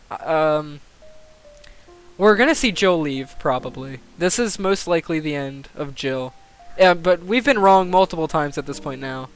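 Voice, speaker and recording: Excitable young man streaming, high voice. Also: clean tone. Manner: excitable, swears, laughs, thinks aloud. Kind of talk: live-stream commentary on a game simulation.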